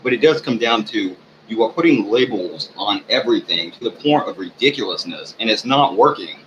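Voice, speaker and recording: A man ranting in a rambling, profane monologue for his channel, halting often with fillers. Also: on the low side, expressive, a bit bright. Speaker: channel owner. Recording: dull lo-fi recording with faint hiss.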